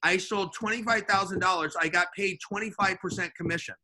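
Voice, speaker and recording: Sales manager guesting on a chat show, a man who tells animated stories and performs every line of dialogue. High-pitched, sharp and forceful. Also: brisk. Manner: acts out the dialogue in his stories with voices. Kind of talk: animated storytelling in casual chat.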